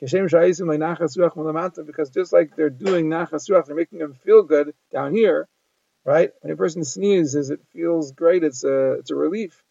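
A man's voice: on the high side, moderate pace, gravelly, warm tone, dry recording. A man giving a daily Talmud lesson, translating phrase by phrase in an explanatory manner. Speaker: Talmud teacher. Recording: dull lo-fi dry recording.

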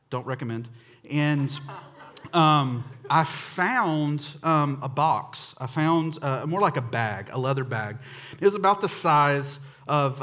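With a mid-range voice and a fairly bright tone, a man from North Carolina, USA, gives a humorous sermon. His delivery is chatty storytelling aimed directly at the congregation.

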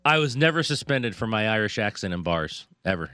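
A man's voice: on the low side, very animated, fairly quick, pushed and bright, clean tone, no echo, clean studio sound. A man co-hosting a casual sports chat, laughing often and trailing off mid-thought. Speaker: sports talk co-host.

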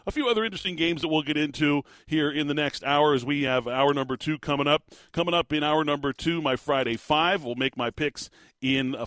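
In a radio studio, a man speaks into a studio microphone with a fairly high-pitched, fairly bright voice on a dry recording. Hosting a sports talk radio show, he shares his opinions casually and conversationally, using lots of fillers.

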